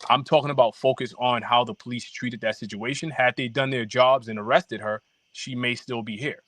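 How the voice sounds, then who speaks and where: A man guest on a podcast, telling his story haltingly with many fillers and restarts. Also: mid-range voice, fairly even intonation, fairly bright tone, no room sound. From New York. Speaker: documentary filmmaker guest. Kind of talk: casual podcast interview.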